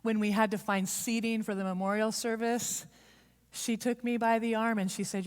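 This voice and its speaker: A woman giving a heartfelt, confessional storytelling sermon at church, speeding up and slowing down for emphasis. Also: fairly high pitch, level tone, clean tone. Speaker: church speaker. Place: church sanctuary. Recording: long reverb of a large hall.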